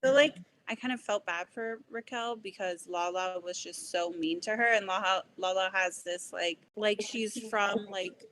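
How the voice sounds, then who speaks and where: A woman's voice: mid-range voice, measured pace, few pauses, a bit bright, poor audio. A woman who is a guest on a podcast, giving blunt opinions about reality TV in a casual, laughing chat. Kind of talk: casual pop culture chat.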